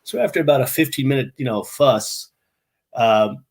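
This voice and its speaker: A man's voice: mid-range voice, lively intonation, normal speed. A middle-aged man from New York, a guest on a video-call interview, telling chatty anecdotes full of restarts and mimicking the people in his stories. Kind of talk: casual storytelling.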